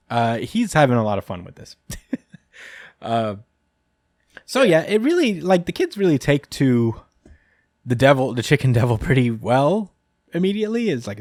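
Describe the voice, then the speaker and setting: A man's voice: mid-range voice, lively intonation, normal speed, darkish tone, no echo, clean studio sound. A man hosting a podcast who recaps a manga chapter in casual chat. He rambles, chuckles often and fills his speech with "uh" and "like.". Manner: rambling and chuckling, many fillers. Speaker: podcast host.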